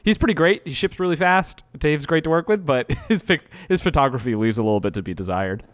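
Lively casual male podcast co-host. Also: a little high, fairly quick. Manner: animated, filler-heavy, knife enthusiast talk. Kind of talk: casual chat. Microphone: remote call mic.

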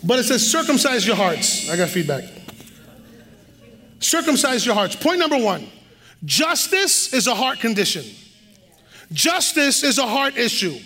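A pastor from Puerto Rico preaches in a big church, his very high voice bright and driving. He talks fast and builds to shouts. The sound carries a long hall reverb from the stage mic. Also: very animated. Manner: fast, rising to shouts, bilingual asides. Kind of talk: preaching a sermon.

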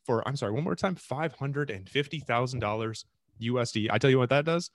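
A man co-hosting a podcast in deadpan comedic chat, reading scam emails aloud with mock-earnest grandeur. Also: mid-range voice, a little fast, a loud crowd. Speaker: podcast co-host.

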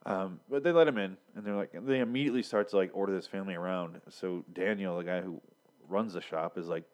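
A man's voice: low-pitched, quick pace, darkish tone. A young man casually recapping a TV episode, rambling and sarcastic with lots of swearing and filler words. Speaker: podcast host reviewing a TV episode.

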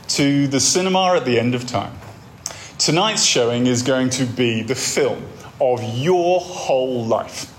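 Guy doing a calm formal cinema announcer voice, swoops up high here and there, smooth and polite. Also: roomy sound, a little hiss or hum, close to an everyday voice. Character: smooth male cinema announcer at time's end.

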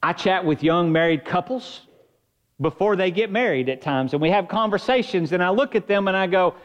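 Man, pastor, sermon, high voice, earnest conversational delivery, muffled lo-fi sound. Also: animated, moderate pace. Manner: earnest, conversational preaching with shifting emphasis.

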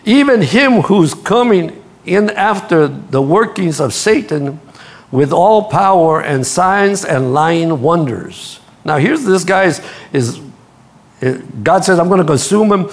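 A man preaching a sermon, telling stories with lively energy and speaking straight to his congregation. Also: high voice, slow. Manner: animated storytelling, acts out quotes, laughs at his own stories; addresses the congregation directly. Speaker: pastor.

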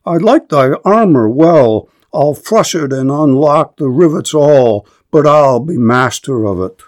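Man voicing a proud trojan warrior prince, courteous, formal verse, slow delivery. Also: on the high side, animated, a little mellow. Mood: bold.

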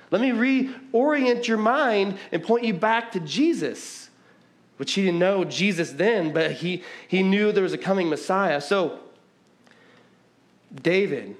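A middle-aged male pastor from the American Midwest preaches to a church hall in a slightly high voice. He talks fast and conversationally, often restarting and repeating his words. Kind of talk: sermon.

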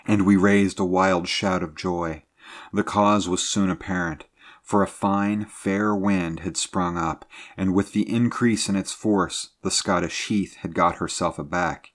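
A man with a very deep voice reads a sea adventure as an audiobook. His narration is measured and steady. He slows and lifts his voice to build drama at the tense moments. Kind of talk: scripted narration of an adventure story.

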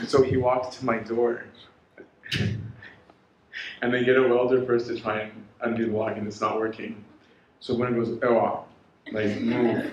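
A man's voice: mid-range voice, slight background noise. Storytelling man in an echoey room. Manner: animated storytelling, quoting others in dialogue. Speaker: lecturer. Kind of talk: storytelling lecture.

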